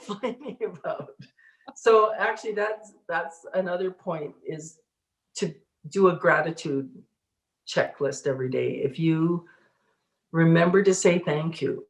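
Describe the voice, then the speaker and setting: Lower-voiced woman telling her story, echoey room. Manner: animated, laughs often, acts out inner voices. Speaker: interviewee, spiritual teacher. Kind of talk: casual storytelling interview.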